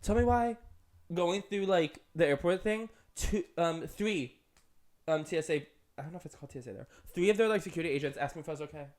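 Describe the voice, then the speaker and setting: A young man co-hosting a podcast, telling a long story in casual chat with lots of "like" and "um". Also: fast. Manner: chatty, rambling, full of "like" and "um"; jumps up high for quoted voices and laughter. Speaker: podcast co-host.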